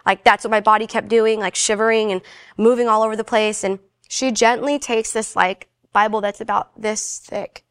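A woman telling a personal faith story in a casual, animated way, briefly acting out the voices of the people in it. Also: medium pitch, normal speed, smooth, no room sound, studio quality. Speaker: guest sharing her faith testimony.

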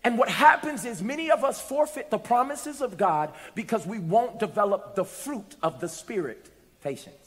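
A man preaching a sermon, telling a funny story and building to loud, emphatic shouts. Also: high-pitched. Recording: reverberant hall.

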